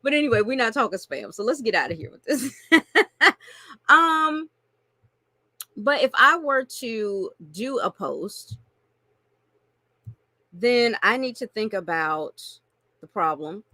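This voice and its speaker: A woman coaching on marketing in an animated, playful way, laughing often and addressing listeners as y'all. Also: fairly high pitch, slow pace, long pauses, no room sound. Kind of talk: teaching a marketing lesson with acted-out examples.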